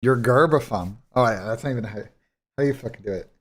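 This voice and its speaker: Guy streaming a watch party, swears a lot, blunt and rambly, mid-pitched. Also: a little fast. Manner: blunt, profane, rambling with restarts. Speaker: esports streamer and commentator. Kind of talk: casual live-stream reaction talk.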